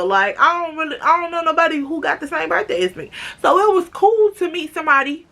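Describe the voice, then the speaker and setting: A woman in her twenties from Chicago telling an animated, slangy storytime to her viewers. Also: high voice, brisk, hardly any pauses. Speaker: vlogger. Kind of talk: storytime vlog.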